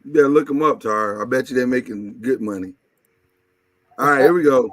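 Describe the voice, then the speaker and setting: A man's voice: medium pitch, fairly quick, a bit bright, no room sound. A man hosting a casual live-stream chat, blunt and joking as he teases his co-hosts. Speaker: host.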